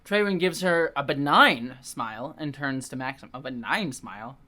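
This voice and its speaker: A giggly, expressive reader trading comic banter over a book, with sarcastic asides. The voice is bright and sharp and leaps up and down a lot. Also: mid-range voice, moderate pace. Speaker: co-host reading aloud.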